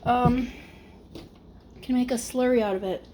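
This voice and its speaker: A woman's voice: fairly high pitch, lively intonation, normal speed, darkish tone, a little hiss or hum. A young woman rambling casually to the camera while she cooks, a little out of breath. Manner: rambling, chatty, self-talking while cooking. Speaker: vlogger. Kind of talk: casual cooking vlog chat.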